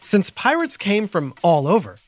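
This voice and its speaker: A man's voice: high-pitched, sing-song, moderate pace. A man hosting an educational podcast for children, playful and explanatory. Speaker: host. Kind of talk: educational kids podcast narration.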